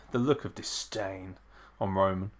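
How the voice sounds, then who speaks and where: A man's voice: low-pitched, measured pace. A man hosting a live watch-along, reacting casually and profanely, often chuckling as he comments. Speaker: wrestling show host.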